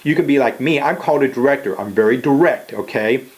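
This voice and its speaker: A man's voice: medium pitch, fast talker, a little mellow. An older man giving a casual motivational talk in a direct manner, often checking in with "okay?" and "you know.". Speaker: motivational speaker.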